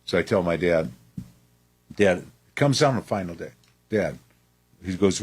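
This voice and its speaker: Lively husky man telling a story. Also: low voice, normal speed, pauses often, faint music behind. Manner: loud, laughing, acts out his father's lines. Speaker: guest, former football player. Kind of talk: animated storytelling. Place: radio studio. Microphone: studio mic.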